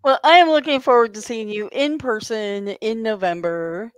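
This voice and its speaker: A woman's voice: fairly high pitch, normal speed, clean tone, no echo. A woman hosting an author interview, chatting casually with short, encouraging replies. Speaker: interviewer host.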